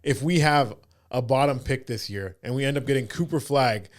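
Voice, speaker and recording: A man's voice: mid-range voice, moderate pace. Joking man hosting a podcast. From Canada. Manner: joking, rambling, does mock voices. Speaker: podcast host. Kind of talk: casual chat.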